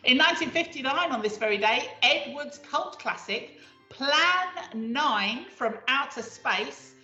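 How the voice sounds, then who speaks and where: A woman's voice: high voice, animated, unhurried, sharp tone, echoey room, lo-fi sound, soft background music. A woman co-hosting a casual chat show, chatty and reading out facts from history. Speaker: co-host.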